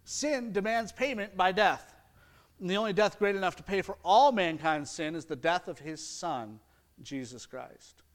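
A man's voice: sits high, moderate pace. Man preaching an earnest sermon. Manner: earnest preaching with rising emphasis and mocking quoted excuses. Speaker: pastor.

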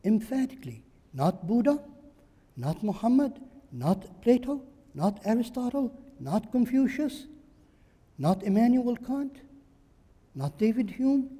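A man's voice: very high voice, sing-song, measured pace, long pauses, mellow, husky, in a large hall. A man preaching a sermon, driving his points home with emphatic rhetorical questions and repetition.

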